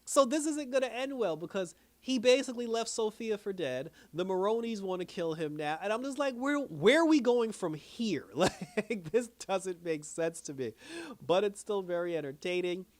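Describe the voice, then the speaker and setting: A man's voice: high voice, animated, moderate pace, a little mellow. A man hosting a casual TV review channel, recapping an episode in a loose, slangy way, often breaking into laughter. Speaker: TV show reviewer.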